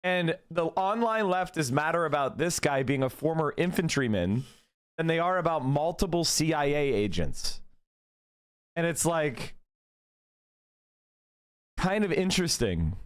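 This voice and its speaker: A man's voice: on the high side, lively intonation, a little slow, pauses often, clean tone. A man streaming a heated political rant, profane and exasperated, firing off rhetorical questions.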